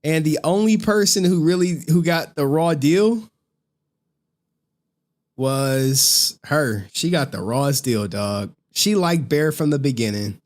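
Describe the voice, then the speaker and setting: A man's voice: on the high side, takes it slowly. A man streaming, casually recapping a horror movie in profane slang and acting out the characters' lines. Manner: animated, profane slang, acts out scenes with voices.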